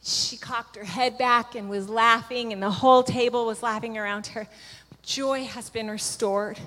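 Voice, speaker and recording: A woman's voice: on the high side, fairly even intonation, a little slow, a bit bright. A woman sharing a spiritual testimony with a gathering, telling her story earnestly and vividly. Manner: earnest, vivid storytelling that acts out what each person said. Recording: long hall reverb.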